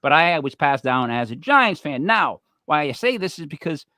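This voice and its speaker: Co-host, man, New York Italian accent, slightly higher voice, dry close sound, animated and joking. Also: normal speed, no room sound. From Rhode Island. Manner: animated, talks over others, joking. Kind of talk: casual chat.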